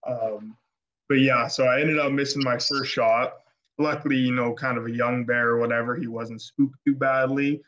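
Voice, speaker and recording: A man from Alberta, Canada, a podcast guest telling a story in casual chat, excitable and rambling with many restarts. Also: medium pitch, normal speed. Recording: dull lo-fi podcast audio.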